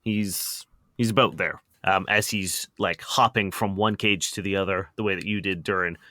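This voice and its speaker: A man narrating a tabletop game as game master, quick and lively, laughing now and then. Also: deep voice, no room sound, clean studio sound.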